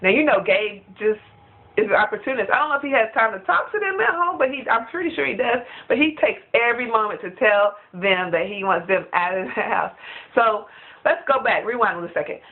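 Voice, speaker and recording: A woman chatting in a casual review vlog, gossipy and animated, laughing often. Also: a little high, brisk. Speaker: reality TV reviewer. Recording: tinny phone-like sound.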